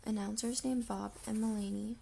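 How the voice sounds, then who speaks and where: A woman reading a children's chapter book aloud in a soft, half-whispered way, her voice gravelly and rough from the early morning. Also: mid-range voice, steady tone, normal speed, a little hiss or hum. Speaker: audiobook reader.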